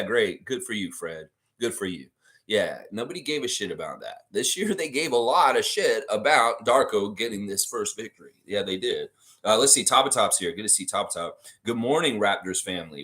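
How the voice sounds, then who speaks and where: Excitable male livestream host, lively pitch, casual chatty fan commentary. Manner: animated, excitable, chatty, reads out viewer comments.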